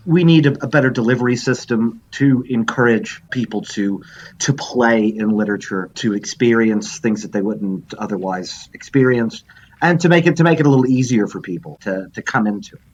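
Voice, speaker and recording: A man's voice: mid-range voice, moderate pace, highs cut off. A man in casual podcast chat who talks in circles, hesitant and full of restarts. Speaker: podcast guest writer.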